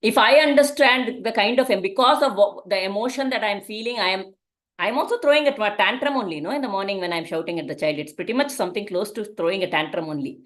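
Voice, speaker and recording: A woman's voice: medium pitch, quick pace, a bit bright. Woman teaching a parenting class. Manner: conversational, asks the listeners rhetorical questions.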